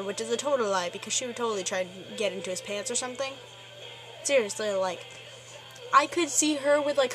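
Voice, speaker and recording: A teenage girl vents in a rambling, exasperated rant, packed with fillers. Her voice sits a little high and sounds bright and forceful. Faint music plays underneath. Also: low-quality recording. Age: teens. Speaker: vlogger. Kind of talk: ranting vlog.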